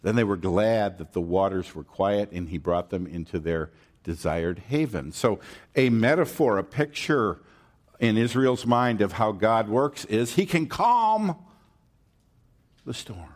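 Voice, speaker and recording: A man preaching a sermon in a conversational, storytelling way, checking in with his listeners and acting out scenes with lively voices. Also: a little slow. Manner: animated storytelling, acting out the disciples' panic in a high voice.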